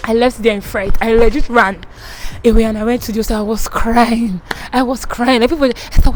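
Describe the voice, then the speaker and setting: A woman's voice: fairly high pitch, steady tone, fairly quick, slight background noise, low-quality recording. A young woman from Nigeria with a Nigerian accent, telling a dramatic school story to her channel viewers. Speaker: vlogger. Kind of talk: storytime vlog.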